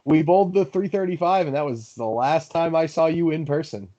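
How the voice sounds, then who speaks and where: A man's voice: fairly high pitch, fairly quick, dark tone, dull audio. A man co-hosting a podcast, teasing his friend and laughing easily in casual chat. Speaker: podcast co-host.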